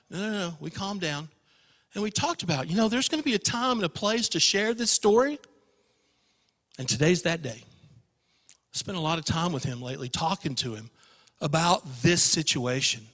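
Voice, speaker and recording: A man preaching a sermon in a church, telling an emotional story and swinging from loud passages to hushed ones. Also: high-pitched, lively intonation, moderate pace, long pauses, slightly rough, big-room sound. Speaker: pastor.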